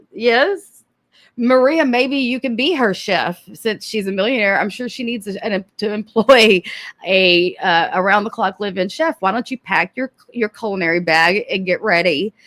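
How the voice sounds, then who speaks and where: A woman's voice: a little high, a bit bright. A woman hosting commentary on a live stream, sarcastic and often laughing, with casual swearing.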